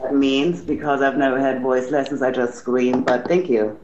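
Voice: mid-range voice, fairly even intonation, moderate pace, echoey room, muffled recording, crowd noise. A musician guest with a foreign accent, talking bluntly and swearing in a casual interview.

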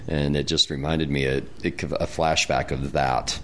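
A man's voice: extremely low pitch, little pitch movement, a little slow, pushed and bright, slight background noise. An older man from Wyoming hosting a casual studio chat, rambling and easygoing. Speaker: radio host.

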